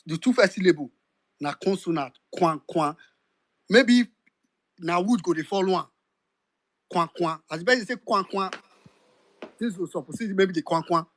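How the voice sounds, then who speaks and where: A man's voice: sits high, moderate pace, pauses often, dry recording. A Nigerian man with a Nigerian accent hosting and moderating a political audio chat, giving directions and slipping into pidgin. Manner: directive, code-switching into pidgin. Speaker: host of an audio chat room.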